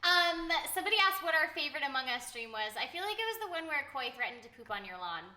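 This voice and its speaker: Woman, stream host, bubbly, high and sharply bright, roomy echo. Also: sing-song, quick pace. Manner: bubbly, reads chat aloud. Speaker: streamer and voice actor. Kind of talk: casual livestream chat. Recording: echoey room.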